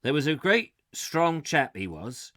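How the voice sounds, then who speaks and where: A man's voice: fairly high pitch, big pitch swings, unhurried, sharp tone, dry recording, clean studio sound, voice pushed up, full character voice. A man voicing an old canal boatman with a West Country accent, spinning folksy tales in rustic dialect. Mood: boastful.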